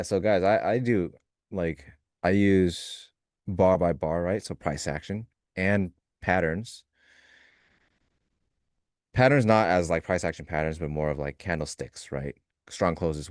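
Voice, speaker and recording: Very deep-voiced man, co-host on a live stream, loose joking chat, dry close sound. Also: normal speed, a little mellow, no room sound. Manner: loose, joking, talks through ideas in fragments.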